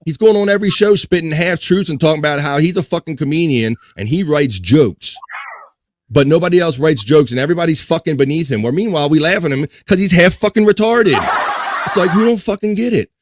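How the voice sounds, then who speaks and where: Reading chat aloud on his casual livestream podcast, a man vents in a profane rant, laughing often. His voice is slightly high and quick, with a faint hiss or hum.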